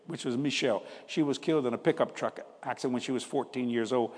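A husky-voiced preacher in his seventies tells family stories from the pulpit, folksy and conversational, often breaking into laughter. His voice rings out in a hall with a long, trailing reverb. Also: mid-range voice, fast, few pauses, darkish tone. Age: 70s. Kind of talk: storytelling sermon.

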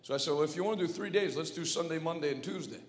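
A man's voice: fairly high pitch, very fast. A male evangelist preaching in a church, moving between fervent prayer and casual, joking storytelling. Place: large church hall. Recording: echoey church hall.

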